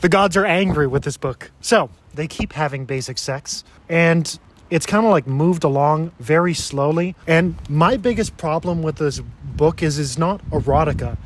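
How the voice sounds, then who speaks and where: Guy with a slightly high voice ranting about a book, sarcastic and fed up. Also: normal speed, a little hiss or hum. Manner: sarcastic, exasperated. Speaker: book reviewer. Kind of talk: casual review.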